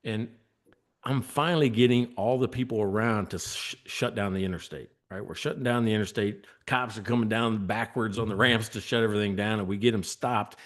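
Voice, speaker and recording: A man's voice: on the low side, fairly even intonation, a little fast. A man telling a long story as a podcast guest, acting out quoted lines and laughing often. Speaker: guest, former state trooper.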